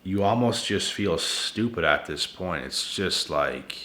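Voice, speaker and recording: A man's voice: deep voice, lively intonation, takes it slowly, bright, forceful tone, reverberant. A man hosting his channel, giving relationship advice in a blunt, repetitive casual monologue late at night, sounding tired and talking to viewers as guys and bro. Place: at home indoors.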